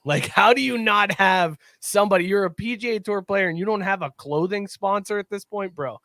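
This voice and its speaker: Co-hosting a casual sports podcast, a man tells lively stories and laughs mid-sentence as he goes. His voice is high-pitched, at normal speed with hardly any pauses, and the studio-quality audio has no echo.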